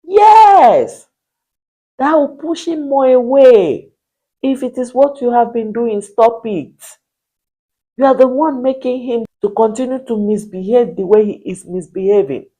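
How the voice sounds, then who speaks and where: A woman's voice: fairly high pitch, unhurried, mellow, rough recording. Emphatic woman marriage coach. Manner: emphatic, repetitive rhetorical questions. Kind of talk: motivational preaching.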